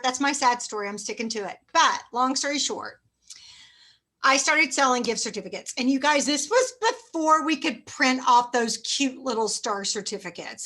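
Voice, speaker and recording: A middle-aged woman delivers a chatty, self-mocking motivational sales training talk, acting out phone pitches in a bright, forceful tone.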